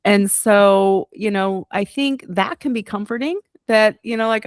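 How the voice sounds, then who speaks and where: A woman hosts the interview, answering her guest with affirming, reflective remarks. Her voice is middle-pitched and dry, with little room sound. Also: unhurried, hardly any pauses, no echo. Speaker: podcast host. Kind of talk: conversational interview.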